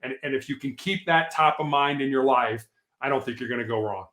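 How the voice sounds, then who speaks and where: A man's voice: mid-range voice, brisk, fairly bright tone. A man guest author in a podcast interview, telling stories in an earnest, emphatic way. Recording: echoey room.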